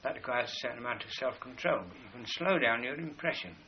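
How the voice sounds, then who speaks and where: A man giving a spoken lecture in a measured, explanatory way, slowing down to stress key words as he points to drawings. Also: medium pitch, expressive, muffled recording, slight background noise.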